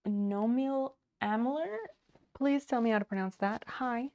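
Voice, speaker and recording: A woman's voice: fairly high pitch, unhurried, darkish tone, clean tone. Chatty woman livestreaming home chores. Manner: chatty, reads chat aloud, greets and thanks viewers, laughs often. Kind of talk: casual livestream chat while doing home chores. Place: home office.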